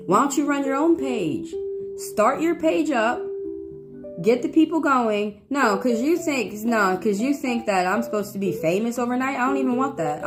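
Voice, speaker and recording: Woman, tarot reader on a live stream, blunt and cursing, slightly high voice, guitar music behind. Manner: blunt, profane, fiery. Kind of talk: live-stream talk to chat.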